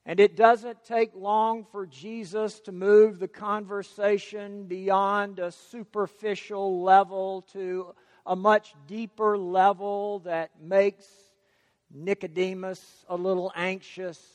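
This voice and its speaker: A man's voice: sits high, level tone, slow pace, no echo, in a large hall. A man preaching a sermon, emphatic and stressing key words by repeating them.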